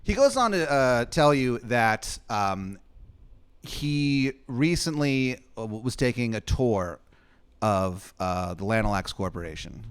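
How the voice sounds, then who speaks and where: A man running a comedic improvised story game in a rambling, deadpan way, swearing casually. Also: lowish voice, slow pace, clear, resonant tone. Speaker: game master.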